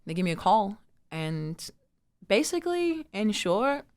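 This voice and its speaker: A woman, telling her story as an interview guest in an animated way, acting out quotes and using lots of fillers. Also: mid-range voice, measured pace, clean tone. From Sydney, Australia. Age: 20s.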